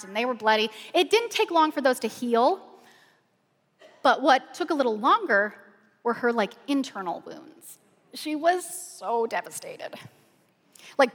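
A middle-aged woman pastor tells a story from the pulpit, animated and full of "y'all." Her voice sits a bit high, and it rings with a long reverb from a large hall. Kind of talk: storytelling sermon.

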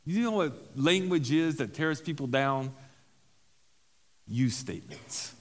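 Preaching to a recovery-group meeting in a church hall, a man acting as pastor talks casually, repeats key phrases and drops in self-deprecating asides. His voice sits on the high side, animated and measured in pace, with a long reverb tail.

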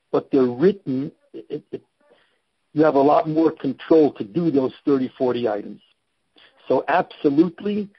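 A man's voice: a little high, husky, dry recording, dull audio. A man giving emphatic, instructive advice as a guest in an interview, repeating his key points. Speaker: guest, time management coach. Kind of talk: podcast interview.

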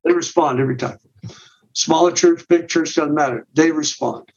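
With a fairly high, creaky voice and a moderate pace, a middle-aged men's ministry director explains his method step by step as a podcast guest. He often restarts and repeats words. The recording is dull and muffled, with a little hiss or hum.

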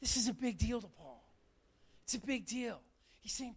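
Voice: mid-range voice, measured pace, pushed and bright. A pastor preaching a live sermon to a church congregation, emphatic and fond of repeating key phrases.

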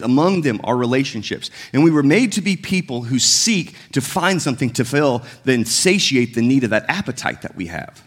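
Lively, conversational male pastor preaching. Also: medium pitch. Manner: conversational, acts out biblical dialogue with shifting tones. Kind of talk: sermon.

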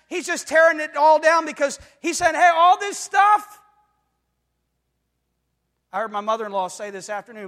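A man's voice: very high voice, lively intonation, normal speed, sharp tone. A man preaching a sermon with emphatic delivery, often asking the congregation whether they follow him and acting out voices in bursts. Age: adult. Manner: emphatic, with call-and-response questions to the congregation; acts out quoted voices in dramatic bursts. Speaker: pastor. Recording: reverberant hall.

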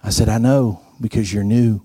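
Man preaching with a mellow voice. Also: steady tone, moderate pace, breathy edge, no echo, clean studio sound. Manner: storytelling, acts out quoted dialogue in a higher voice. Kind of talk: sermon.

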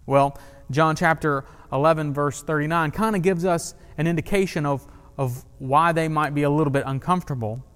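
A man's voice: fairly high pitch, moderate pace, a bit bright, clean tone, big-room sound. A man preaching a sermon in a conversational way, with humor and questions to the congregation. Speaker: pastor.

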